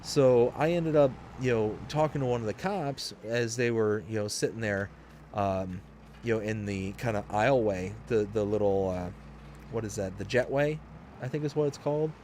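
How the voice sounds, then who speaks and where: A man's voice: fairly low pitch, normal speed, darkish tone, a little hiss or hum. Rambling man in his late twenties. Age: late 20s to early 30s. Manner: rambling, chatty, frequent restarts. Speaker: livestream host. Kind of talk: casual storytelling while streaming a game.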